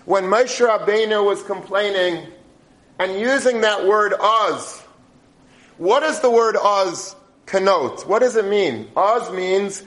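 A man with a high, light voice delivers a weekly Torah portion talk. He speaks emphatically and keeps posing rhetorical questions to his listeners. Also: slow pace, a bit bright. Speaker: Torah teacher.

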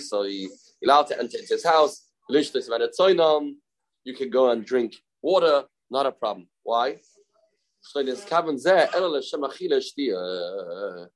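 A man's voice: medium pitch, low-quality recording. A man with a mid-range voice teaches a Talmud study lesson. He talks in a conversational way and often repeats himself to drive a point home. He mixes English with Hebrew and Aramaic terms. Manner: conversational, repeats his points and uses everyday examples.

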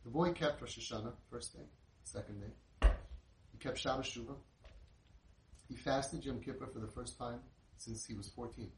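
A middle-aged man, telling an inspirational story in an animated way and sprinkling in Yiddish and Hebrew words. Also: mid-range voice, moderate pace, pauses often. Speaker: inspirational speaker. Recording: roomy, distant mic with faint noise.

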